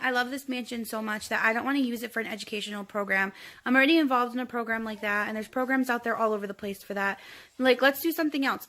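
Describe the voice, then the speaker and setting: A woman in her thirties speaks straight into her phone, with a voice sitting a touch high for a woman. Her delivery is earnest and emotional, rambling as she restarts her thoughts in an open, confessional vlog. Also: sharp tone. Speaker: vlogger.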